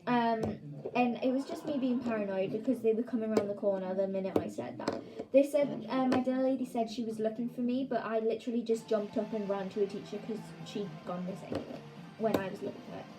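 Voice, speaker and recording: A woman's voice: a little high, fairly even intonation, a little fast, over music, poor audio. Chatty woman telling a story. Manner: chatty, lots of "like" fillers. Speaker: vlogger. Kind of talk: casual story time.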